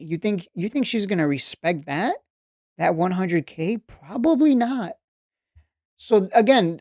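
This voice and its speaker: A man's voice: high voice, dry recording. Guy ranting about traders, preachy and mocking, keeps repeating himself, kinda dull dry lo-fi audio. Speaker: trading coach and channel host. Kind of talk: casual ranting video monologue. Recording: dull, slightly lo-fi dry recording.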